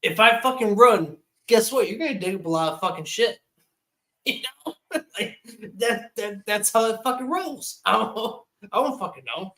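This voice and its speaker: A man's voice: high-pitched, lively intonation, moderate pace, bright, forceful tone, low-quality recording. A drunk man in his twenties, a livestream guest, ranting heatedly and swearing constantly in casual chat. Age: 20s.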